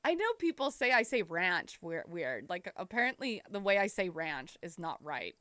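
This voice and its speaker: A woman's voice: lowish voice, big pitch swings, normal speed, fairly bright tone, dry recording. A young woman with a Canadian accent chatting casually while streaming a game, giggling often. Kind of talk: casual gameplay commentary.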